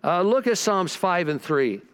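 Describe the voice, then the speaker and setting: A man's voice: high voice, big pitch swings, measured pace, smooth. A man preaching a sermon, telling stories with repeated restarts and rising into bursts of fervor. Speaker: pastor.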